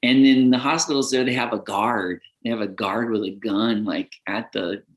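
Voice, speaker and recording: A man's voice: on the low side, fairly even intonation, moderate pace. A middle-aged man talking earnestly on a podcast as a guest, rambling with lots of fillers and laughing often as he talks. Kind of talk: casual podcast conversation.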